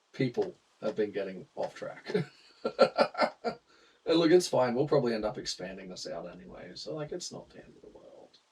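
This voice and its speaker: A man's voice: on the low side, slightly rough, low-quality recording. A young Australian man casually chatting to viewers while streaming a game, laughing often and greeting chat.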